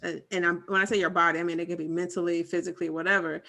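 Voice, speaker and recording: Woman, 30s, podcast co-host. Bright, animated storyteller who acts out the quotes. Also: lowish voice, very fast. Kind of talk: casual chat, personal story.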